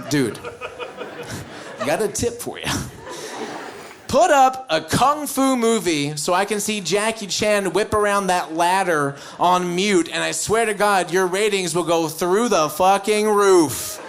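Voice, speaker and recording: An American man performing a live stand-up set on stage, animated and mock-shouting his punchlines. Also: high voice, unhurried, a little hiss or hum. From United States. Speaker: stand-up comedian. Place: comedy stage before a live audience.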